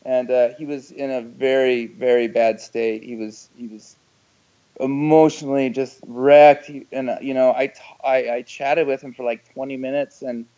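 A man being interviewed as a guest, talking earnestly and emphatically, with his loudness swinging up and down. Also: medium pitch, fairly even intonation, normal speed, highs cut off.

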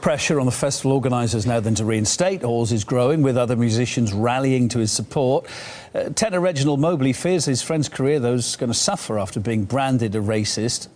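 A man giving a measured, formal broadcast news report. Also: medium pitch, a little mellow.

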